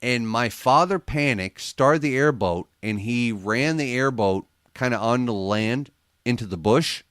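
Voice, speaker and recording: A man telling a story casually as a guest on a radio interview, animated and laughing often as he acts out what people said. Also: mid-range voice, unhurried, clear, resonant tone, dry recording, clean studio sound. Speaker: paranormal investigator guest.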